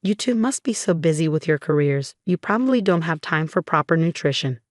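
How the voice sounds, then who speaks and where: A woman voicing a scheming, condescending older mother-in-law with a saccharine, disdainful manner, in a low, dry read. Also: expressive, brisk, no room sound. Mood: sugary menacing.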